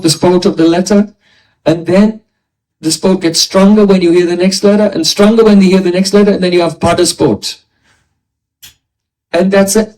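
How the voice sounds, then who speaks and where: A man's voice: high voice, a little mellow. A man giving a philosophy lecture as a spiritual teacher, explaining step by step and asking rhetorical questions. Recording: voice distant from the mic.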